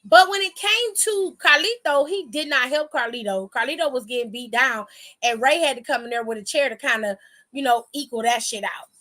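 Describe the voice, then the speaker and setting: A wrestling recap vlogger with a high voice talks directly to her viewers in a casual recap. Sassy and chatty, she swears freely in a bright, ringing tone and moves a little fast.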